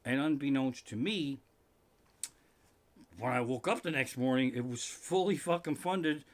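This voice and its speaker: A man doing a live-streamed comedic rant from his living room, profane and animated with sudden outbursts. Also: medium pitch, a little slow. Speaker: comedian host.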